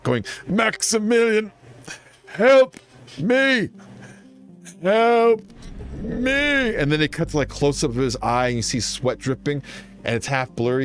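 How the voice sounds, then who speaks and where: Animated rambling male streamer. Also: mid-range voice. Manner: rambling, animated storytelling full of fillers. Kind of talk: casual chat while gaming.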